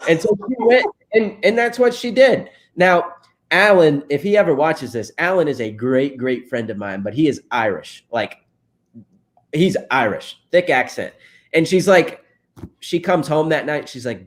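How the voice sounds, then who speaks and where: A man's voice: on the high side, animated, normal speed. A married man, a guest in a casual interview, telling stories with frequent laughs and fillers. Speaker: interview guest, real estate investor.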